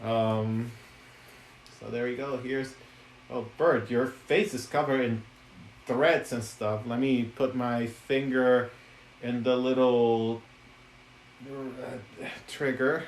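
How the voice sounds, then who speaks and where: A man's voice: mid-range voice, steady tone, takes it slowly, pauses often, slight background noise. A man chatting casually on a live stream about puppets he made, giggly, with lots of ums and restarts. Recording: echoey room.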